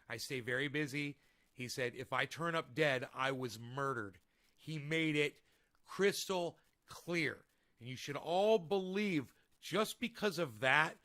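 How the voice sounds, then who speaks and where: A vlogger with a slightly high, sharp-toned male voice chats casually on a home live stream, speaking into a desk microphone in a room with a desk. He rambles and swears, and his rants get heated.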